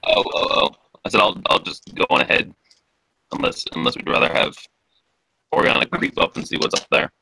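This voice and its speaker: A man chatting as a player in a tabletop game over voice chat, his voice low and gravelly. He sounds laid-back, with lively swings in pitch. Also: brisk, long pauses, no room sound, rough recording. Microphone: online voice chat.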